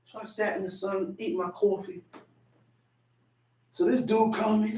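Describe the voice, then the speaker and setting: A man with a high, lively voice preaches a sermon at a moderate pace with long pauses, recorded in an echoey room from a distant mic. He tells a personal story, acting out the voices in the quotes.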